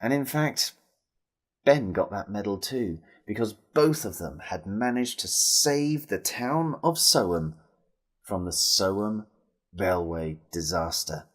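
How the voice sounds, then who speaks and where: A man telling a wartime folk tale to children, expressive and speaking straight to his listeners. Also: on the low side, slow. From England. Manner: expressive, addresses listeners directly. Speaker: storyteller. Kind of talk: storytelling for children.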